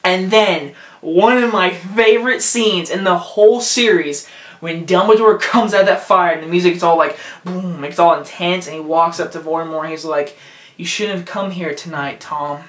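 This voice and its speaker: A man giving a casual, excitable movie review, rambling and gushing as he goes. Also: sits high, normal speed. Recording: roomy echo.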